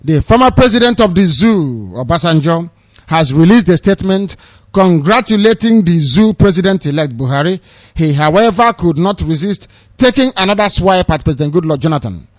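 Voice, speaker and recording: A man's voice: high-pitched, lively intonation, normal speed, dry recording. A man with a Nigerian accent giving fiery, sarcastic political commentary on the radio, scolding his listeners. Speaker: radio broadcaster. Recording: dull lo-fi dry radio recording.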